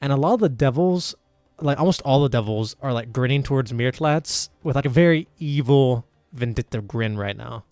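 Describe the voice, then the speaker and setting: A man's voice: medium pitch, lively intonation, normal speed, a little mellow, no room sound. A man running a tabletop game as game master, narrating in a rambling way with many fillers.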